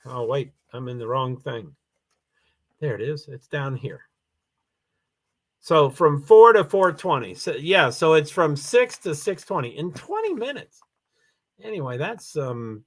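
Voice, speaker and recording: Man, tired, high voice, rambling, casual livestream host. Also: animated, a little slow, a bit bright. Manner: rambling, reads names aloud, many fillers. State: tired, yawning.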